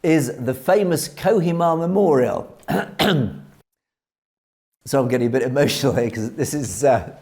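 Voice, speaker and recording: A man hosting a news commentary show, telling military history in an earnest, measured way with frequent hesitations. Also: mid-range voice, vocal fry, darkish tone.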